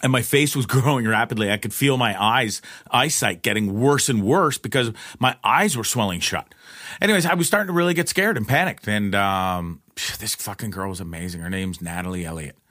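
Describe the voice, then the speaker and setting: A man's voice: brisk, no room sound, studio quality. Profane man telling a rambling story. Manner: profane, rambling, restarts often; animated retelling, pitch jumps in quoted lines. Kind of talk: casual personal anecdote.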